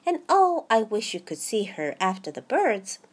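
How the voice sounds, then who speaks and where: A woman voicing an eager young girl in a storybook reading, with a Japanese accent and a husky voice. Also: a little high, sing-song, unhurried, full character voice.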